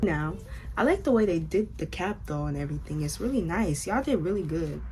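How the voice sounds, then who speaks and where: A woman's voice: on the low side, lively intonation, a little fast, mellow, slight background noise. A young American woman chatting casually to her viewers while unboxing and fitting a wig. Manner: chatty, talks straight to viewers with "y'all". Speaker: vlogger.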